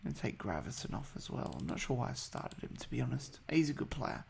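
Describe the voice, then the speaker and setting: A man's voice: mid-range voice, sing-song, fast, creaky, a little mellow, a little hiss or hum. A man giving casual, hesitant commentary over a football management game, full of ums and uhs. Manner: chatty, hesitant, many ums. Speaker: gaming video host.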